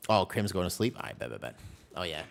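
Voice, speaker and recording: Animated low-voiced man streaming a game. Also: fast talker, vocal fry, slight background noise. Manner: animated storyteller chatting with viewers. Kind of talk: casual chat while streaming a game.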